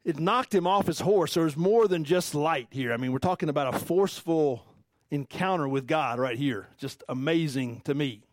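A male pastor giving a relaxed, chatty Bible lesson, asking his listeners questions as he goes. His voice sits a touch higher than most men's, and the sound is dry and close, with no room echo. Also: normal speed. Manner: conversational, animated, asks the audience questions. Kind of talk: casual Bible-teaching sermon.

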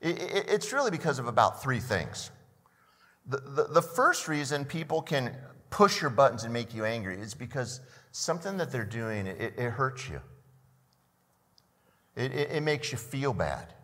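A man's voice: mid-range voice, very animated, moderate pace, fairly bright tone, long reverb tail. An older man preaching a sermon as a pastor, often repeating the first words of a phrase and asking the listeners questions.

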